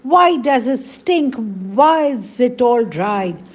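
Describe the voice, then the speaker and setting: A woman's voice: fairly high pitch, big pitch swings, slow, pitched above the performer's own voice, exaggerated voice. A woman voicing an upset young schoolgirl in a storybook reading, crying out in distress.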